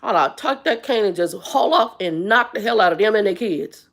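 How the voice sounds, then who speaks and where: A woman's voice: medium pitch, lively intonation, moderate pace, vocal fry, a bit bright. A blunt, exasperated woman in her fifties, ranting on a live stream as the channel's host. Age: 50s. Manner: blunt, exasperated, talks straight to viewers. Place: Arizona.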